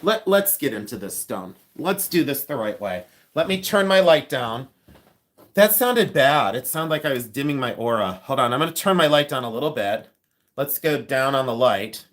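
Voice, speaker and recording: A man hosting a casual live stream, chatting excitedly, thanking viewers and thinking aloud with frequent restarts. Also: medium pitch, normal speed. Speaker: livestream host and reseller.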